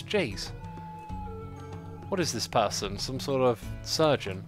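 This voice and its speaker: A man giving casual, chatty livestream commentary while building a city in a game, reacting out loud to it and answering chat. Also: mid-range voice, very animated. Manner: chatty, talks to the game and to chat, quick exclamations. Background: faint background music.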